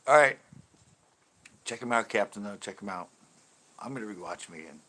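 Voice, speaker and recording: Relaxed male stream host, low-ish voice, rambling and easygoing. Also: normal speed. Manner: rambling, laid-back, laughs easily. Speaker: fishing channel host. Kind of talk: casual livestream chat.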